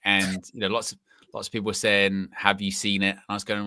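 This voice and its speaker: A man's voice: sits low, a little fast, dry recording. Teasing man, dry close sound. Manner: teasing, animated retelling with voiced quotes. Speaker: podcast co-host. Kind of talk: casual chat.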